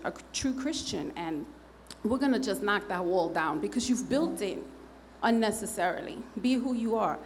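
A church member, a woman with a mid-range, slightly mellow voice, gives a candid and funny testimony to her congregation. She chats loosely, acts out what people said, and uses lots of fillers. A faint hiss or hum sits under the recording.

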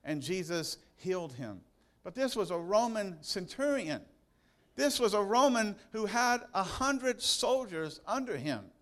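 A male pastor preaching a sermon in church, retelling Bible passages with emphatic, drawn-out stresses and touches of humor. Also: high voice, very animated.

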